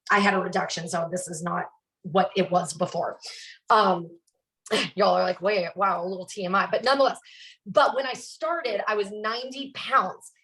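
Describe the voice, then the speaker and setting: A woman's voice: medium pitch, fairly bright tone. A woman fitness instructor, chatting in a bubbly way while she cooks and answers viewers by name. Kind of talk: casual cooking chat on a live stream. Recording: roomy sound, mic at a distance.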